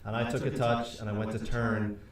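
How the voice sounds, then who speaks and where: A man's voice: on the low side, flat delivery, brisk, very echoey, far from the mic, slight background noise. A man hosting a casual soccer talk show, telling stories in a chatty way. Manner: chatty storyteller, swears casually. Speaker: podcast host. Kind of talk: casual sports chat.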